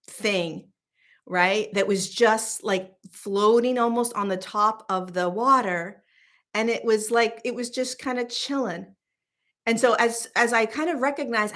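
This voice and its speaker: A woman spiritual teacher and host telling a casual story in an animated, emphatic, chatty way. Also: fairly high pitch.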